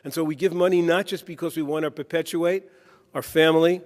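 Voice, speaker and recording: At a conference, a keynote speaker delivers his talk as a string of anecdotes and jokes, told with the cadence of a preacher. His voice is slightly high for a man, his intonation stays fairly even, and he moves at a brisk pace. The hall's long reverb lingers after every phrase.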